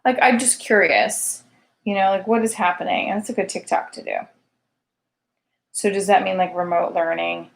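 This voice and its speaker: A woman's voice: medium pitch, steady tone, normal speed, gravelly. A woman in her thirties hosting a casual late-night livestream show, chatty and self-deprecating and sounding tired. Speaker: show host.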